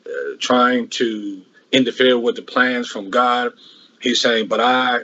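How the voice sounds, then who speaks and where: A man teaches from scripture in a sermon, circling back on his points with frequent restarts. His voice is slightly husky and sits at a middle pitch. The recording sounds muffled and lo-fi. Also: steady tone, takes it slowly, bright, forceful tone. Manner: repetitive, restarts often, rhetorical questions. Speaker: preacher. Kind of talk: Bible class sermon.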